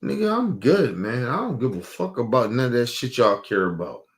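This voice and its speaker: Man on an aggrieved, animated rant. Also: mid-range voice, moderate pace. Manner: aggrieved, profane, repeats himself, asks heated questions. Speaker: streamer. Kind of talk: emotional livestream rant.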